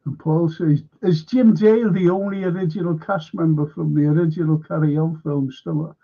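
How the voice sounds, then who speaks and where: Chatty guy, bit high-pitched, gravelly, laughs telling old film scenes. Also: steady tone, moderate pace, dull audio. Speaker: host. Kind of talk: casual chat.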